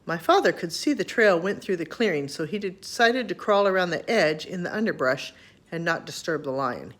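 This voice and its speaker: Woman, storybook reading, grandkid audience, animated pitch. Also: normal speed. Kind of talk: reading a children's book aloud.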